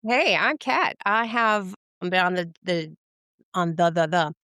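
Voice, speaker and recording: A woman co-hosting a podcast in a relaxed, loose way, with a mixed Southern and Midwestern American accent. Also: on the low side, measured pace, dry recording, clean studio sound. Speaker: podcast co-host. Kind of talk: casual podcast chat.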